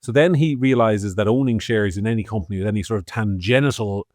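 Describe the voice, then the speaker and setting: A man's voice: lowish voice, fairly quick, no echo, clean studio sound. An Irish man co-hosting a podcast, giving opinionated political commentary in a sardonic, swearing tone. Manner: sardonic, swearing, swings loud and soft. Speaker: podcast co-host.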